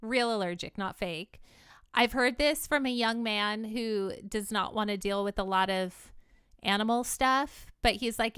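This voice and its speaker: A woman's voice: medium pitch, measured pace, a bit bright, clear, resonant tone, no room sound, clean studio sound. A woman co-hosting a podcast, talking casually and giving opinions in a rambling way with many restarts. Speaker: podcast co-host. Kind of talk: casual chat.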